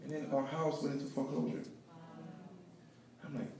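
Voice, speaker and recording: A man telling his story of failure and faith as a speaker at an event, preaching with lively swings between loud and hushed. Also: on the high side, moderate pace, vocal fry. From Haiti. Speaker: guest speaker. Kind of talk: inspirational testimony talk. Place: event hall with live audience. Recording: echoey hall, picked up from far off.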